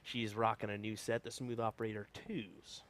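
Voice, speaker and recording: A man's voice: lowish voice, flat delivery, moderate pace, a bit bright. A man co-commentating live darts, laid-back, telling stories and poking fun at himself. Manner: laid-back, tells anecdotes, self-deprecating.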